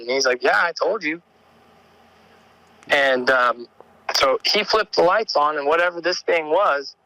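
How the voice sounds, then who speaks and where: Bright-voiced man telling his story. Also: a little high, dry recording, rough recording. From Oregon. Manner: rambling, repeats words, acts out quotes. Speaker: caller sharing an encounter story. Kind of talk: animated storytelling.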